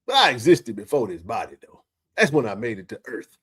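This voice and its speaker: A man in his forties hosts a casual sports live stream. He jokes around and talks straight to his viewers in an animated, easygoing way. His voice sits at an ordinary middle pitch. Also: brisk, breathy edge. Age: 40s. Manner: joking, animated, talks to chat readers. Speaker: sports talk stream host.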